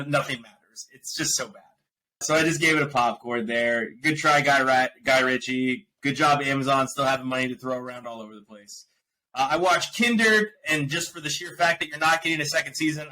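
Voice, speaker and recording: A podcast host with a voice on the higher side rants energetically about the movies and shows he's been watching, chatting loosely and often laughing. The recording quality is rough.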